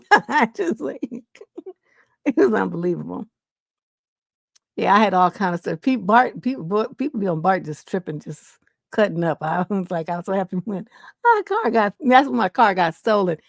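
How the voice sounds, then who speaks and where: Woman livestream host, gravelly, dry close mic, blunt and foul-mouthed storyteller. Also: mid-range voice, moderate pace, long pauses, no echo. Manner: blunt, profane, animated storytelling. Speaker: relationship coach, live stream host.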